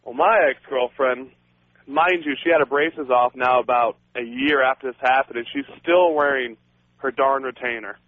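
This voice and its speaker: A man's voice: medium pitch, moderate pace, no echo. A man phoning in to a radio talk show, chatting casually with the host. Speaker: caller. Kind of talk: phone-in call. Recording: tinny phone line.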